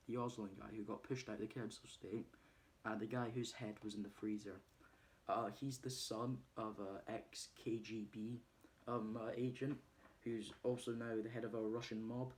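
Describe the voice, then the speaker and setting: A man's voice: fairly low pitch, little pitch movement, normal speed. A man casually recapping a film's plot in a rambling way, with many ums and uhs. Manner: rambling, many ums and uhs, laughs while retelling scenes. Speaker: movie reviewer.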